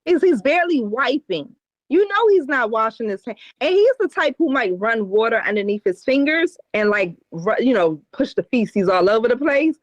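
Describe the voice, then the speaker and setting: A woman's voice: fairly high pitch, sing-song, normal speed, no room sound, dull audio. A woman co-hosting a podcast, talking bluntly and emphatically in casual chat with a lot of cursing. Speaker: podcast co-host.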